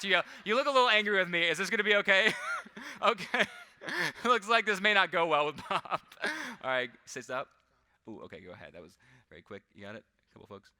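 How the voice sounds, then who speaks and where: A man's voice: medium pitch, sharp tone, clear, resonant tone. A man performing a live comedic mind-reading act on a convention stage, chatty and self-deprecating, laughing often as he works with audience volunteers. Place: large convention hall stage.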